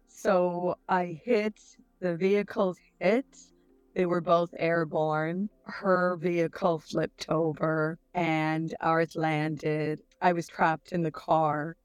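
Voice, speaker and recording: Middle-aged woman, unhurried and earnest, gravelly texture; personal testimony. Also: fairly low pitch, a little mellow, dry recording. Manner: slow, reflective, earnest. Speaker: interviewee telling her near-death experience.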